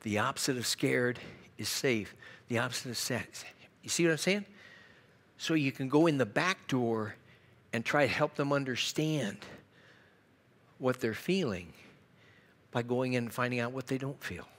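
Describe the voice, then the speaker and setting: Middle-aged male teacher, church class lecture, lively, asks the room questions. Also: mid-range voice, normal speed, pauses often. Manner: animated, asks the class questions, acts out quotes.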